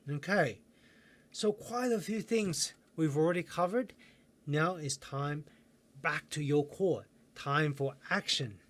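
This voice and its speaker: A man coaching viewers in a self-help video lesson, calm and guiding, slowing down with pauses for breathing exercises. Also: a little high.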